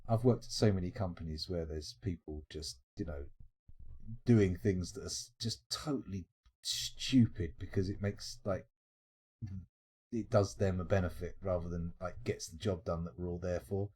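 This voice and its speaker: A man's voice: deep voice, steady tone, moderate pace, mellow, husky. A British man streaming late at night, chatting casually and answering his viewers' comments, rambling and swearing with lots of restarts. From United Kingdom. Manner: rambling, sweary and jokey, with frequent restarts and laughs. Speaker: live streamer.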